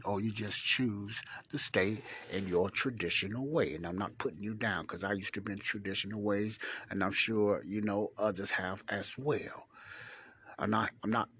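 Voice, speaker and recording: A man teaches scripture on his own podcast in an informal, rambling way, restarting sentences and calling out loud, high greetings to his listeners. His voice sits low and has a husky edge. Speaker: podcast host, Bible teacher. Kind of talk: casual Bible-study podcast.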